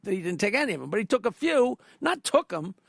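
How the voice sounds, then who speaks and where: An older man tells loose, rambling anecdotes, stopping and restarting mid-sentence. His voice sits very high for a man. The sound is close and dry, with no room around it. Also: big pitch swings, quick pace, gravelly, breathy edge, no room sound. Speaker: guest comedian. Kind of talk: casual storytelling chat.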